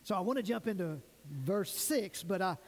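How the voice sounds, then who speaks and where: High-voiced preacher in a reverberant hall. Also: male voice, expressive, darkish tone. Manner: preaching with emphatic, drawn-out stresses. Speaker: pastor. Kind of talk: sermon. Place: church sanctuary.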